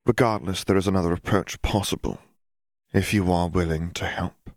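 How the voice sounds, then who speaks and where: A calm, sinister leader who speaks in a hushed, formal, persuasive way, as a man puts him on. The voice sits very low and soft. The dry recording keeps every quiet word close. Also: normal speed, no echo. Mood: cold. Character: calm, soft-spoken, manipulative dark leader.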